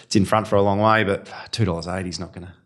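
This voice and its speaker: Chatty man, low voice. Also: fairly even intonation, racing, a bit bright. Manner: chatty, trails off and restarts mid-thought. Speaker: racing podcast co-host. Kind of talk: casual racing chat.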